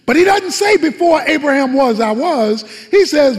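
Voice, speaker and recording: A man's voice: extremely high pitch, expressive, normal speed, big-room sound. A man preaching a sermon as a pastor, retelling scenes dramatically with colloquial asides.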